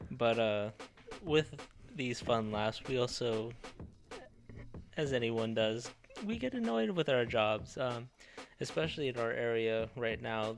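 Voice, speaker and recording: A man co-hosting a podcast in casual chat, making measured, wry comments. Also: medium pitch, gravelly, slight background noise. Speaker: podcast co-host.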